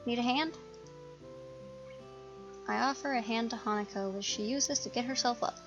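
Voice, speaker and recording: A woman hosting a let's play, reading a visual novel aloud in a steady narrating voice with small slips. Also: a little high, fast talker, muffled recording, music in the background.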